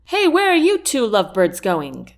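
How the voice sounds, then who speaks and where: A woman's voice: high voice, lively intonation, moderate pace, pitched above the performer's own voice. A woman voicing a mischievous young woman friend who teases with a playful tone. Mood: teasing. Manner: teasing.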